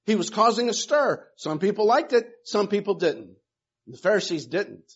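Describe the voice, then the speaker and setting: A man's voice: high-pitched, husky, highs cut off. A man preaching a sermon, moving between emphatic declarations and casual conversational asides. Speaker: pastor.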